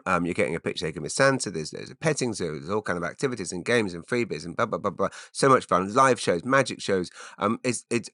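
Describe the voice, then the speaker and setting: A rambling man in his forties talks through his own podcast with a low voice, constantly breaking off into wry asides. His tone is bright and forceful, and the sound is dry and close, with no room echo. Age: 40s. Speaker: podcast host.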